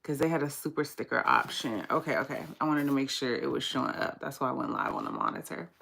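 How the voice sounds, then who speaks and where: A woman from the United States chats her way through a laid-back card reading. Her voice sits very low with a heavy gravelly fry. She talks in a relaxed, fairly monotone morning way, casual and unhurried. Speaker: tarot card reader.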